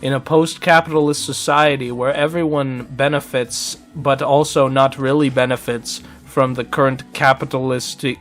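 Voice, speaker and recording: A man's voice: mid-range voice, natural voice. A man voicing a grumpy male wraith who rambles through a breathless tirade. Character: grumpy male wraith, ranting about society.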